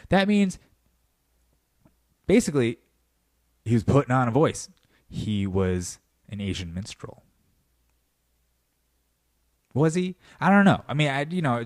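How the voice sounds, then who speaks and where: Profane, animated man hosting a podcast. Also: medium pitch, no echo, studio quality. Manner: animated, profane riffing with mock voices. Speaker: podcast host. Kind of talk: comedic monologue. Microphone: podcast mic.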